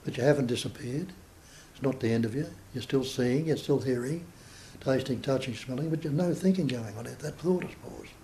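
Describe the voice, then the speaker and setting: A man, a spiritual teacher, giving a measured talk to a small group and posing rhetorical questions as he explains. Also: mid-range voice, dark tone, a little hiss or hum, low-quality recording.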